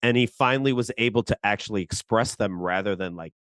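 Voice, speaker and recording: A man co-hosting a podcast, discussing a TV episode in a lively way and acting out the characters' lines. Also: on the low side, fast, no room sound. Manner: animated, acts out quotes, laughs easily. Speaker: podcast co-host. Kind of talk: casual discussion of a TV show.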